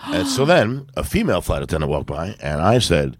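A man's voice: deep voice, big pitch swings, fast, a little mellow, dry recording. A male comedian telling stories on a podcast in a profane, ranting way, acting out both sides of each exchange. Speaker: comedian guest. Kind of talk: casual podcast storytelling.

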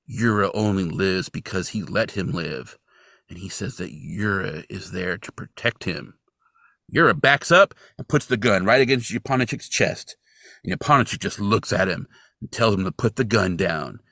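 A man's voice: sits low, moderate pace, creaky, dry recording, clean studio sound. A man co-hosting a podcast, recapping a TV episode's plot with wry jokes and mock disbelief at the characters. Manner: animated and wry, jokes and mocks the characters while narrating.

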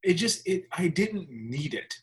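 A man in casual podcast talk about a movie, animated and exasperated, ranting with laughs. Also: fairly high pitch, a little slow. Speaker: podcast co-host.

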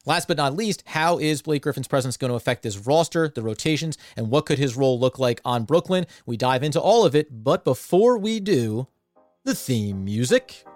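A man hosting a basketball podcast, talking in a smooth, upbeat and fluent way. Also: mid-range voice, fairly quick, hardly any pauses, dry recording, clean studio sound, faint music behind. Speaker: podcast host, basketball analyst. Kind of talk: casual sports podcast chat.

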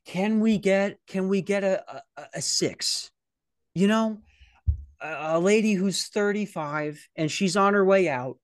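A young man hosting a podcast, telling rambling, profane stories in a casual, animated way. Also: high voice, unhurried, dry recording, studio quality. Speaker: podcast host. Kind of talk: casual storytelling. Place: security office at night.

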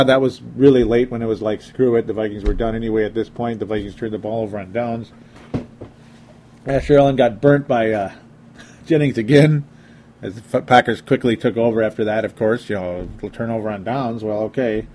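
A man's voice: mid-range voice, moderate pace, a little mellow, slight background noise. A young man giving casual, sarcastic sports commentary from home. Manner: exasperated, sarcastic.

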